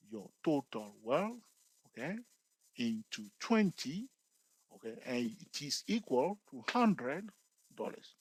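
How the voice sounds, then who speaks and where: A man's voice: medium pitch, slightly rough, dry recording, poor audio. A man giving a casual investing tutorial, often checking in with "okay" and "all right" and joking with viewers. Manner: repetitive, peppers talk with "okay" and "all right"; lively, jokes with viewers.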